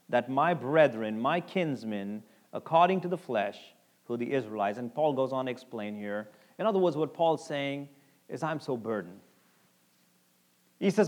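A man preaching a sermon, reading scripture slowly and shifting between loud, emphatic lines and hushed, quiet ones. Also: medium pitch, expressive. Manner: reads scripture slowly and deliberately. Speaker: pastor.

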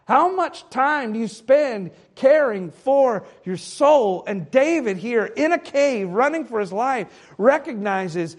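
A man preaching a sermon, dropping to a hush and then building to loud, pleading passages. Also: extremely high pitch, lively intonation, slow pace. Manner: swings from hushed to loud, dramatic pleading quotes. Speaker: pastor.

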